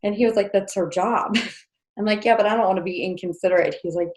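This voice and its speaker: A woman's voice: mid-range voice, brisk, a little mellow. A woman in her thirties from New Jersey, a podcast guest telling a personal story in a chatty way with many fillers and small laughs. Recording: echoey room.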